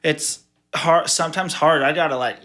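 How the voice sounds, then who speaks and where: A man's voice: on the high side, moderate pace, pushed and bright. A man hosting a podcast, chatting casually with slang and free swearing. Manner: slangy, swears freely, short interjections. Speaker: podcast host. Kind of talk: casual interview chat.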